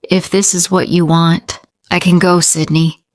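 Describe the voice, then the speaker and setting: A woman's voice: on the low side, flat delivery, a little slow, no echo, studio quality, lightly acted. A woman voicing a worried, secretive mother who speaks in protective, pleading tones. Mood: gentle worry.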